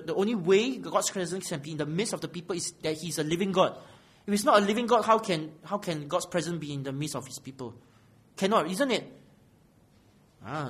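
A man's voice: a little high, a bit bright, slightly rough. A man preaching an expository sermon in a small church room, often asking "right?" and swelling on key phrases. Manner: questioning, often asks "right?".

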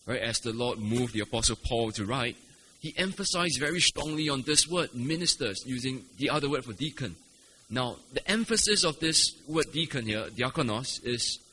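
A man's voice: medium pitch, sharp tone, slight background noise. A man preaching an expository sermon, explaining patiently with rhetorical questions and frequent "right?" checks. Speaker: pastor. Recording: long hall reverb, faint ambience.

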